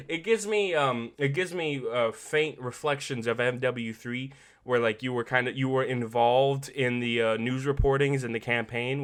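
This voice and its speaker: A male podcast host talks through a game story in a loose, late-night ramble. His voice is bright and forceful, his talk animated and sprinkled with swearing and laughter. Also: medium pitch. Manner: animated and profane, laughing often.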